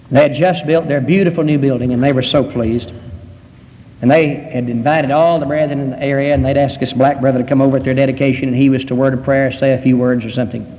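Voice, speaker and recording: A male preacher giving a sermon, slow and emphatic, with many rhetorical questions. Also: medium pitch, warm tone, in a large hall, highs cut off.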